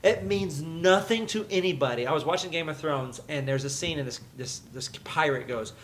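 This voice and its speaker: A man's voice: on the high side, normal speed, a bit bright, slight background noise. A man co-hosting a podcast in casual chat, telling long rambling stories and laughing at his own jokes. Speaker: podcast co-host.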